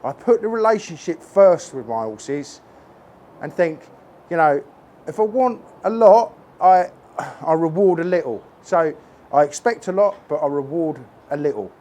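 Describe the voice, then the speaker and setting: Earnest high-voiced man, horse trainer. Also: animated, a little slow, dark tone. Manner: earnest, emphatic, repeats points. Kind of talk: casual talk to camera while working a horse. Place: stable yard with a horse. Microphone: phone on a tripod.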